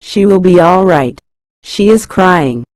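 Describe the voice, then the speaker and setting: A man's voice: high voice, animated, slow pace, no echo. A woman reading a hesitant male visitor.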